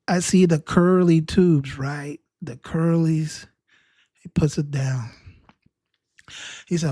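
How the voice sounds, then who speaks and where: A man's voice: fairly high pitch, fairly even intonation, takes it slowly, long pauses, warm tone, no echo, studio quality. A man telling a rambling, self-mocking comic story about his own experience. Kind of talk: humorous personal storytelling.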